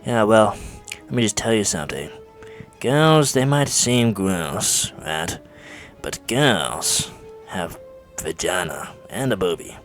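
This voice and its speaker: A man voicing a crude, smug teenage friend in a comedy skit, lecturing in a cocky, lewd, drawn-out way. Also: fairly low pitch, sing-song, soft background music.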